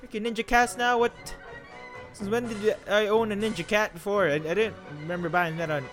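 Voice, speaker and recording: A man's voice: sits high, fairly even intonation, a little fast, music in the background. A young man doing jokey horror game commentary, rambling to himself and yelping when startled. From Philippines. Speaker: gaming YouTuber.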